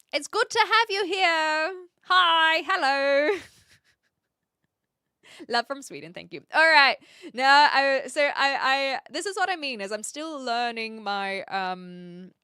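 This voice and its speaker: Lively, animated woman streamer chatting. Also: sits high, no echo, studio quality. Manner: chatty and thinking aloud, laughs often. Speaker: live streamer. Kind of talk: casual live-stream chat, reading chat messages.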